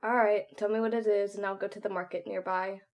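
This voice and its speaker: A woman's voice: medium pitch, flat delivery, quick pace, a little mellow, close to an everyday voice. Woman reading as Hawks, a teasing young hero. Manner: playful teasing. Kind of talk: fan story reading.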